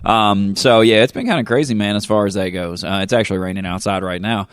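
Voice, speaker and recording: A man's voice: fairly low pitch, fast, clean tone, no room sound. A man from Kentucky with a Southern drawl, a pastor hosting a podcast in a rambling, jokey way full of fillers and asides. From Kentucky, United States. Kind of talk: casual podcast chat.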